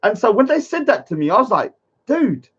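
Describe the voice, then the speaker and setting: Indignant high-voiced man ranting. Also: very animated, a little fast, husky, highs cut off. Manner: indignant, repetitive, addresses viewers with "yeah?". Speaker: live streamer. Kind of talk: heated live-stream rant.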